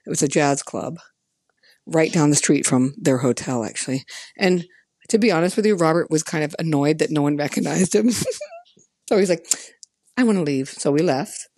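A woman with a deep, low-pitched voice hosts her own podcast. She tells a long personal story in a casual, chatty way and stresses her points firmly. The sound is dry and close, with no room echo. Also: moderate pace. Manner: chatty, emphatic, animated quoting of others. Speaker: podcast host.

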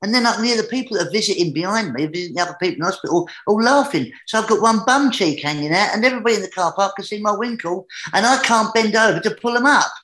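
An English man, a guest entertainer, telling a comic anecdote in a lively manner that builds as the story climbs. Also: high-pitched, very fast, hardly any pauses. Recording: roomy echoey room.

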